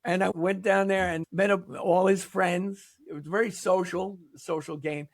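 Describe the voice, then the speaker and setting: Older man, slightly high voice, dry close sound, rambling animated storyteller, podcast guest. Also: moderate pace, dry recording. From New York. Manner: rambling, animated storyteller who acts out quotes. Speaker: podcast guest, pickleball league founder. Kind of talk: casual interview storytelling.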